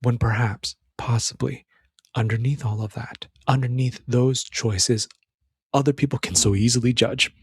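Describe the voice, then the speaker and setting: A man's voice: medium pitch, normal speed, slightly rough, no room sound. A man giving a casual, earnest commentary on a film scene, emphatic and full of restarts.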